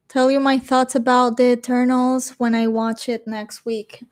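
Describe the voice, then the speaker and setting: Slow-talking chatty woman. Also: a little high, little pitch movement. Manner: chatty, laughs often, reads comments aloud. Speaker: streamer reading live chat. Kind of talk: casual live-stream chat.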